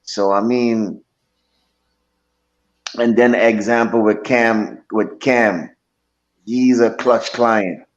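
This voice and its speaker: A man talks very slowly and easily on a sports podcast, stretching out his points. His audio sounds dull and lo-fi, with the top end missing. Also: on the low side, steady tone. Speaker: podcast co-host. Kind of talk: casual sports chat.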